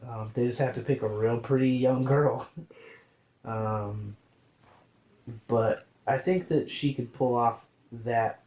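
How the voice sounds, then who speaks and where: A man co-hosting a podcast in casual chat, relaxed and hesitant, often pausing with fillers. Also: medium pitch, reverberant. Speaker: podcast co-host.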